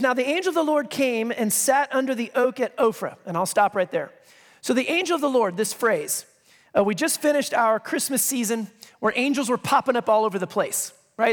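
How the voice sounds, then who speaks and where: High-voiced male pastor in a reverberant hall. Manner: conversational, joking asides, emphatic scripture reading. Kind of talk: sermon. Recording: long reverb of a large hall.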